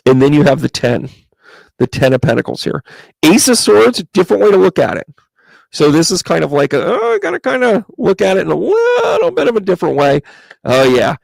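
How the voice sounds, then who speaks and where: A man's voice: medium pitch, gravelly, no room sound. A man giving live-stream tarot readings as a psychic medium, chatting casually and greeting viewers by name as he thinks aloud over each card.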